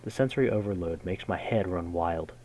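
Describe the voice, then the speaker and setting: A man reading a game's story text aloud in a measured way, breaking in with casual, slangy jokes as a gaming host. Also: deep voice, dark tone, a little hiss or hum, poor audio. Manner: measured narration broken by casual slangy comments. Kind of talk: reading game text aloud with jokey asides.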